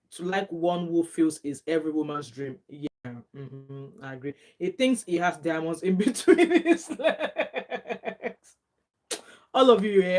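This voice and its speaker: A middle-aged woman with a Nigerian accent, chatting casually as a vlogger, reading out viewer comments and reacting with frequent laughter and bits of Pidgin. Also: lowish voice. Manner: chatty and animated, laughs often, drops into Nigerian Pidgin phrases. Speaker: gossip vlogger.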